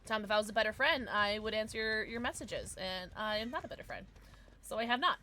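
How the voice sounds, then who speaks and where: A young woman streaming a game live, chatting excitably with her viewers and reacting to the action. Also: medium pitch, quick pace, slight background noise. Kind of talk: casual gaming livestream chat.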